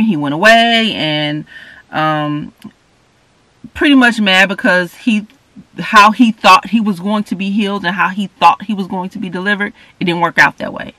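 A man delivers an informal sermon in a bright, somewhat high voice, reading scripture and then explaining it. He keeps checking in with listeners with a frequent "okay?" and grows louder and higher when he presses a point. The sound is close and dry. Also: no echo. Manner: repeats "okay?" often, rereads passages slowly; earnest, rises in pitch and volume when emphatic. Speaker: preacher.

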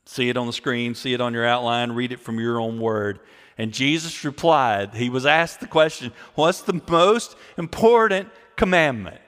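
A male pastor preaching a sermon, repeating key phrases and swinging between loud, emphatic lines and quiet ones. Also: medium pitch, normal speed. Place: church sanctuary. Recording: long hall reverb.

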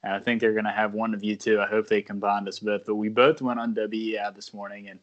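A man with a somewhat low voice co-hosts a casual sports podcast. He rambles through stories, restarts his sentences and laughs at himself along the way. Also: level tone, fast, muffled recording. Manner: rambling, self-deprecating, laughs often. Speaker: podcast co-host.

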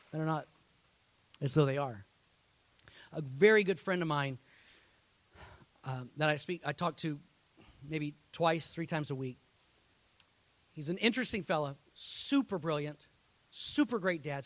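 Male pastor, high-pitched, impassioned sermon delivery that rises to loud peaks; dry, close recording. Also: no room sound.

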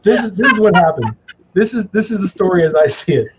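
A man guest in a casual interview, telling stories in an animated way, laughing and acting out his father's gruff lines. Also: high-pitched, quick pace, slight background noise. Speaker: cigar company guest.

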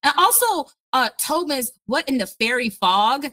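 Woman, casual cast chat, lively and quick to mimic voices. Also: sits high, poor audio. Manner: animated, acts out character lines. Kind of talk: casual group interview.

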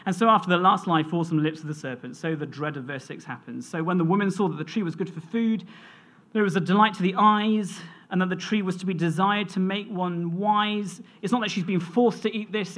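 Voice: medium pitch, normal speed, fairly bright tone. A preacher delivering a sermon in an earnest, storytelling manner, reading scripture and sharing a family anecdote.

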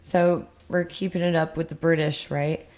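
A woman's voice: low voice, little pitch movement, normal speed, a little mellow. A young woman from the United States co-hosting a podcast in casual, rambling chat with sarcastic asides. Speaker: podcast co-host.

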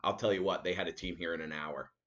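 A man hosting a casual solo podcast, telling a story as an animated rant. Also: low-pitched, quick pace, lo-fi sound. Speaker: podcast host.

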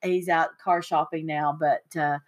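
A middle-aged woman hosting a casual chat podcast, telling stories with lively, acted-out quotes. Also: a little slow. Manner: animated storyteller, acts out quotes with big pitch jumps. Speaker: podcast host.

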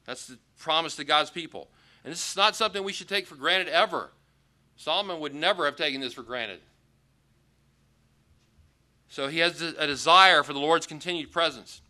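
A man pastor gives a conversational sermon in an auditorium. His voice is very bright and a little high. He acts out the scripture quotes with rising emphasis. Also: normal speed, pauses often.

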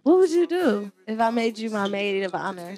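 A woman's voice: mid-range voice, very animated, normal speed, mellow, soft background music. A woman guesting on a podcast in casual chat, teasing and questioning.

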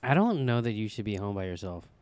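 A man's voice: lowish voice, big pitch swings, quick pace, a little mellow, clean tone, no echo. A man co-hosting a podcast in casual chat, blunt and teasing with a dry wit. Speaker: podcast co-host.

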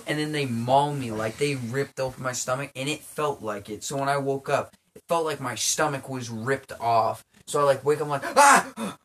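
Animated young guy telling a dream story. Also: mid-range voice, normal speed. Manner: animated storytelling, profane, acts out his own reactions. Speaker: podcast co-host. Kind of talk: casual podcast chat.

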